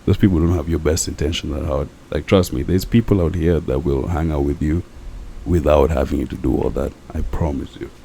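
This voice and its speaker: Brief: drunk young co-host, low gravelly dark voice, earnest rambling chat. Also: male voice, fairly even intonation, brisk, a little hiss or hum. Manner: rambling, earnest, repeats himself. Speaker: podcast co-host. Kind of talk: casual late-night chat.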